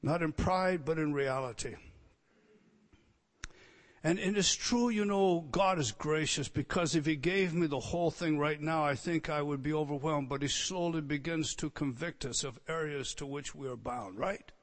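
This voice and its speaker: Male preacher, slightly higher voice, earnest sermon delivery that swings from hushed asides to loud emphasis. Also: normal speed. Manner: swings between quiet, tender asides and loud emphatic declarations; earnest and emotional, moved nearly to tears.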